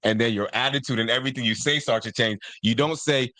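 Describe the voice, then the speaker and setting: A man's voice: mid-range voice, fast, dry recording. A man hosting a podcast in casual chat, telling stories and acting out the people he quotes. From Nigeria and the US. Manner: animated storyteller, acts out quotes. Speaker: podcast host.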